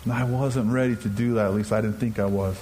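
A man gives an earnest, confessional personal testimony, telling his own story directly to an audience and acting out his own and others' words in dialogue. His voice is fairly low and warm with fairly even intonation and a fast pace, in a low-quality recording with a little hiss or hum.

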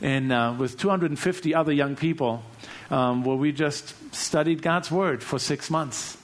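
A man from Germany with a German accent, giving an earnest testimony that swings from hushed lines to loud bursts. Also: on the high side, unhurried. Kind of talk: testimony sermon.

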